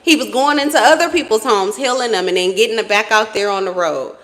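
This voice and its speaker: A blunt, animated woman talks straight to camera as she reads tarot cards, swearing freely and jumping into sudden high exclamations. Her voice sits on the higher side. The sound carries a long reverb from the room around her. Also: brisk. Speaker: tarot reader. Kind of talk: casual spiritual reading to camera.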